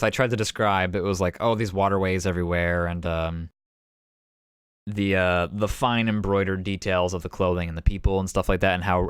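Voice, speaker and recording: Man, game master, rambling casual recap, quick talker, dry close mic. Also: sits low, clean tone, no room sound. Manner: rambling, filler-heavy, many restarts. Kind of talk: casual post-session recap. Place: home streaming setup.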